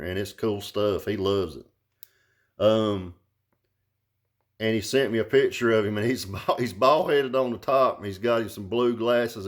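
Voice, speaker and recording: A man talking loosely and loudly while unboxing and reviewing a car amplifier, full of cussing and jokes. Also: on the low side. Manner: rambling, profane, loud and jokey. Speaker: vlogger reviewing car audio gear. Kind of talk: casual unboxing chat.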